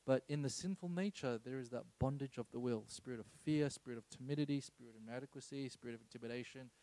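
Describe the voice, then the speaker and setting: A man's voice: mid-range voice, quick pace, warm tone, low-quality recording. Chatty man preaching a story-filled sermon. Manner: conversational, many asides and tag questions. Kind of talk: informal sermon with personal story.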